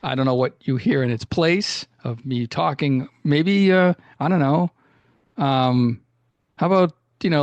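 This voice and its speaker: A man's voice: on the high side, unhurried, over music. Rambling man hosting a podcast. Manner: rambling, filler-heavy, self-mocking. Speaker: podcast host. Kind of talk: casual comedic chat.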